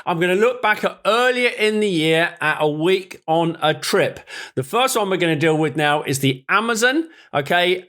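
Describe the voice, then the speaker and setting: A man's voice: fairly high pitch, fairly bright tone. A man, a wildlife photographer, talking through his pictures in a chatty, rambling, self-deprecating way. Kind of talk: casual vlog chat.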